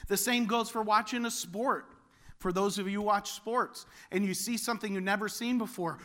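A man preaching a sermon as pastor, animated and building to loud exclamations. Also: sits high, brisk.

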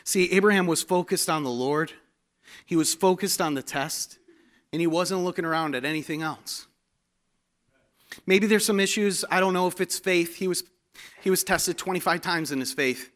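A male preacher delivers a sermon, weaving in humorous personal stories with animated energy. His voice sits high and rings bright and forceful. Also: moderate pace.

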